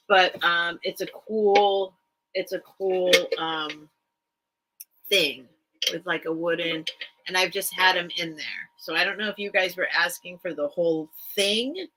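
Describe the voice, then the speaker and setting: A woman's voice: lowish voice, pushed and bright, rough recording. A middle-aged woman hosting a casual live-stream sale from home, chatty and rambling with lots of ums. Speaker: online vintage seller.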